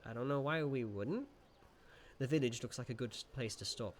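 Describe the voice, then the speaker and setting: A man streaming a gamebook playthrough, reading the passages aloud and musing between them in an animated way. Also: mid-range voice, normal speed, a little hiss or hum.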